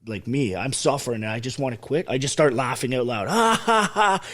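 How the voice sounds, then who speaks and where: A man's voice: medium pitch, fast talker. A man from Ontario, an army veteran telling his story as a podcast guest, blunt and emphatic with constant swearing. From Ontario, Canada. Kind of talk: casual interview storytelling.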